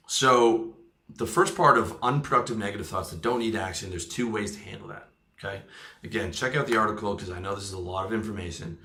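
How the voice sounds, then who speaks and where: A man's voice: fairly low pitch, pushed and bright, roomy sound. A man coaching in a motivational talk, emphatic, often checking in with "okay?" and "right?", and swearing casually. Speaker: lifestyle coach.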